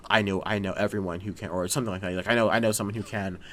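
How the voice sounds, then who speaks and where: A man hosting a casual podcast chat, excitable and often acting out scenes in voices. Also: on the low side, very fast, a little hiss or hum. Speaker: podcast host.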